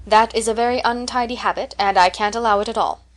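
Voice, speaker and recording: A stern, stiff elderly spinster with a firm, scolding delivery, as a woman narrator plays her. The tone stays proper and clipped, with a clear storybook reading quality. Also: on the high side, moderate pace, close to an everyday voice. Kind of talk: audiobook character reading.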